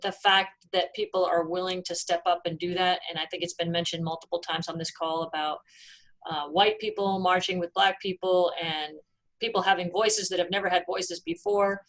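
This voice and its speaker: A woman on a video call, giving even, thoughtful remarks about the younger generation. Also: lowish voice, normal speed, rough recording. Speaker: head coach.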